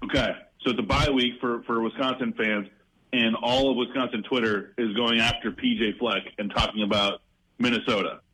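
A man's voice: mid-range voice, steady tone, normal speed, sharp tone, slightly rough, low-quality recording. A man co-hosting sports talk radio, casual and brash, riffing with jokes.

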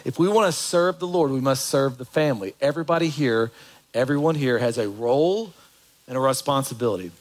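A man's voice: medium pitch, a little fast, low-quality recording. A man preaching a sermon as pastor, in a conversational way that asks the congregation questions.

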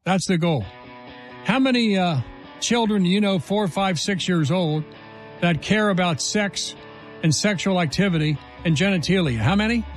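A man's voice: sits high, normal speed, faint music behind. A man hosting a talk radio show, delivering an emphatic, indignant monologue full of rhetorical questions into a studio microphone.

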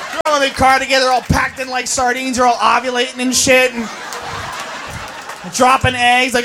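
A woman doing a stand-up comedy routine, loud and profane, acting out shrieking party girls. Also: high voice, monotone, normal speed, over a noisy crowd, heavy background noise.

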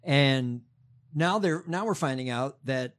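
A man's voice: medium pitch, slow pace, a bit bright. A man co-hosting a casual political chat show, reading news stories aloud with profane sarcasm. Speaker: podcast co-host.

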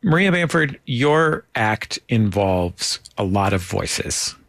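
Playful male host with a lively voice. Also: fairly low pitch, slow, vocal fry, dry recording, clean studio sound. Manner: playful, joking. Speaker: interview host. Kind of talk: interview conversation.

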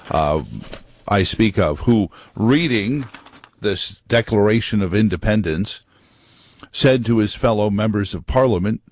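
A man's voice: lowish voice, no echo, studio quality. A man hosting a talk radio show, talking through history with wry joking asides. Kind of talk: conservative talk radio monologue. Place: radio studio.

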